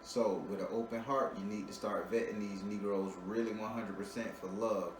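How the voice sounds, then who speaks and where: This is a lowish male voice, steady in tone and at a moderate pace, picked up by a distant mic in a roomy space with ambient noise. He delivers a client's spiritual reading bluntly and profanely, joking casually, laughing a lot, and repeating words as he restarts.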